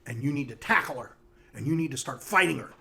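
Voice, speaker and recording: A man's voice: medium pitch, expressive, quick pace, creaky, bright, forceful tone. A man voicing a fierce, bossy young girl who barks orders. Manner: barking orders.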